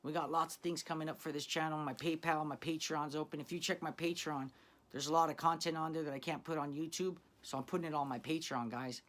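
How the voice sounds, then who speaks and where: A man's voice: fairly high pitch, steady tone, quick pace, fairly bright tone. A man hosting his own channel, telling a crime story in casual street slang, swearing freely and talking to viewers as guys.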